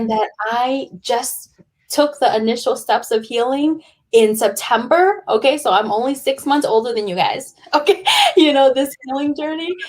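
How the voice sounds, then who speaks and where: Earnest woman guest, higher voice. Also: darkish tone. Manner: earnest, encouraging, repeats words. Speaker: guest social worker and author. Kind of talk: podcast interview.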